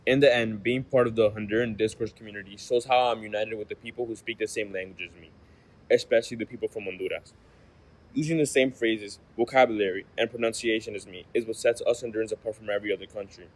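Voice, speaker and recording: A young man from the United States reading a class presentation, steady, often trailing off quieter at the ends of phrases. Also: fairly low pitch, quick pace, rough recording. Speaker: student presenter.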